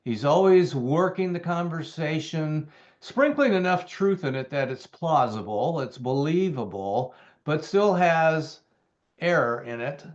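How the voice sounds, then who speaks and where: A man's voice: on the high side, animated, a little slow. Man teaching scripture, slightly muffled. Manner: conversational, with fillers and emphatic repetition. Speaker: Bible teacher. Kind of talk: Bible teaching, reading and explaining scripture.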